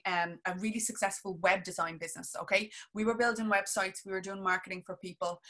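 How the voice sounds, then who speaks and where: A woman's voice: mid-range voice, bright, forceful tone. A woman in her thirties with an Irish accent, a business coach telling a candid personal story to camera and often calling her viewers "guys". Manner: heartfelt, keeps addressing viewers as guys.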